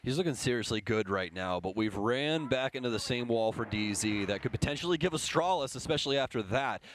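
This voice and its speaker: Young male caster, mid-pitched, builds excitement on big plays, faint noise behind. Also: brisk. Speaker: esports caster. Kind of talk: analysis and play-by-play commentary.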